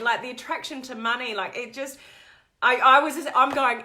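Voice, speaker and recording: Bright-voiced woman coach chatting live. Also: high voice, moderate pace. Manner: animated, digressive storytelling. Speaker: network marketing coach. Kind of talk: live-stream chat to viewers.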